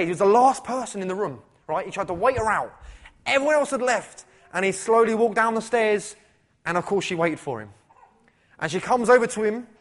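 A man preaching a sermon at a church service, talking conversationally and asking rhetorical questions. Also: sits high. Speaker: pastor.

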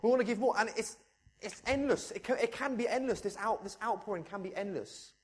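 A man delivers a sermon in a somewhat high voice. He is fervent and swings between hushed, low stretches and loud, raised ones. He often turns to the congregation with direct questions. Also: brisk, slightly rough. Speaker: preacher.

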